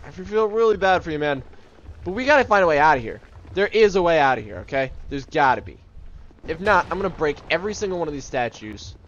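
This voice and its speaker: A man's voice: on the high side, muffled recording, slight background noise. A man hosting a casual let's-play, joking and calling out to his teammates. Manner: animated, jokey, talks to teammates. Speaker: gaming video host.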